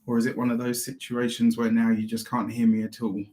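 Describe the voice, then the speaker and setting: A man's voice: mid-range voice, monotone, brisk, darkish tone. A man, an astrologer, chatting effusively with viewers on a live stream through a small clip-on mic. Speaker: astrologer and tarot reader. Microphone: small clip-on microphone.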